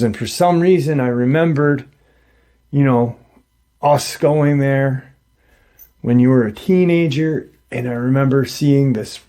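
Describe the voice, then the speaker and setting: A man retelling a paranormal encounter story in a halting, conversational way, full of pauses and restarts. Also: mid-range voice, darkish tone. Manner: halting, many fillers and restarts; conversational, quotes others in plain voice.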